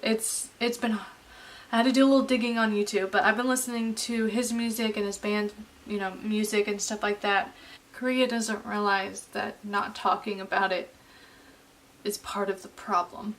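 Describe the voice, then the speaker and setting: A woman in her late twenties talking earnestly in a personal vlog, halting and heartfelt. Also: medium pitch, level tone, a bit bright, distant mic, slight background noise, low-quality recording. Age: late 20s. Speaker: vlogger.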